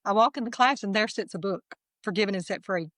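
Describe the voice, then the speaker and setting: A middle-aged woman, candidly telling her personal testimony as a guest in a lively, self-deprecating way. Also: mid-range voice, fast, dry recording.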